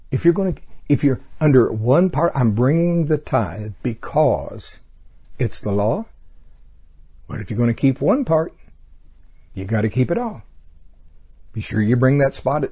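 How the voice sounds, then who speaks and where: Man, preacher, sermon, fervent, husky, mellow tone, loud-to-soft delivery. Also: medium pitch, very animated, a little slow, long pauses. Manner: fervent, exclaiming praise, swinging between loud emphasis and quiet asides.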